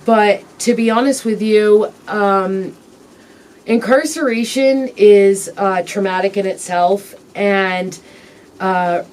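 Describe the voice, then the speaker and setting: A woman guest in an interview tells her personal story frankly, speaking haltingly and reflectively with many pauses and ums. Her mid-range voice is steady and somewhat dark, and she was recorded from a distance.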